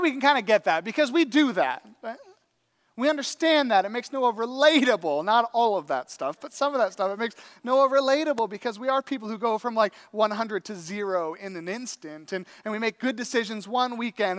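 A man preaching a sermon, telling a story in an animated, conversational way with acted-out quotes. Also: high-pitched, a little fast. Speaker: pastor.

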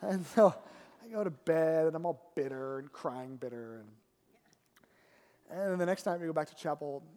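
Animated man preaching in a reverberant hall. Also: fairly high pitch, normal speed. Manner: animated, self-mocking, keeps adding "right?". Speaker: pastor. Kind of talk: storytelling sermon.

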